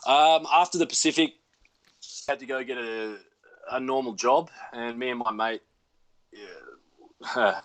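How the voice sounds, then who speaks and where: A man's voice: mid-range voice, fairly bright tone. Laid-back Australian man telling stories. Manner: laid-back, self-deprecating storyteller. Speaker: actor guest. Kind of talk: casual chat. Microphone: video call from home.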